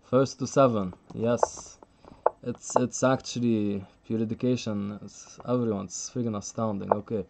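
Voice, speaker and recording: A man's voice: fairly low pitch, fairly even intonation, a little slow, gravelly, noisy background. A man commentating live chess on a stream, chatty and thinking aloud, laughing often and reading out the chat.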